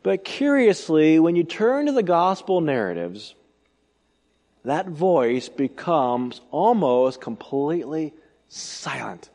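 A man preaching an expository sermon, emphatic, asking rhetorical questions and swinging between loud and soft delivery. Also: on the high side, big pitch swings, slow, in a large hall. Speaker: pastor.

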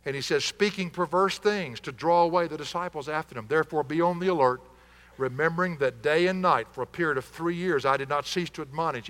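A man preaching a sermon as the pastor, passionate and animated, at times using a puppet as an example. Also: a little high, big-room sound.

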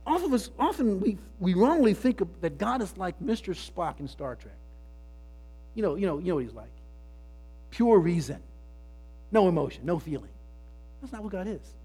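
A man's voice: high voice, big pitch swings, moderate pace, pauses often, mellow, husky. A man preaching a sermon in an earnest way, often repeating words as he builds his points. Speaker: pastor.

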